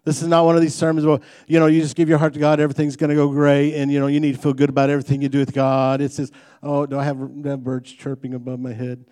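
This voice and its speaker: A man's voice: on the high side, monotone, fast talker, hardly any pauses, dark tone. Folksy man preaching a sermon. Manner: folksy, conversational preaching with humor and rising emphasis. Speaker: pastor.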